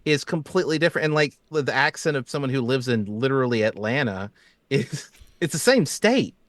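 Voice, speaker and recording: Southern man, faint drawl, animated chatty game master, dry close mic. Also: medium pitch, fairly quick, no echo. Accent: slight Southern US. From American South. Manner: animated storyteller, laughs often. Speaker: game master and show creator. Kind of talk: casual chat.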